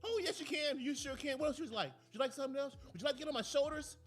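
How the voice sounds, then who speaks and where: A man's voice: rapid-fire, faint music behind. A man voicing a doting dad in a sugary, overly cheerful sing-song voice. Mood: gushing. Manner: high-pitched, overly cheerful, gushing.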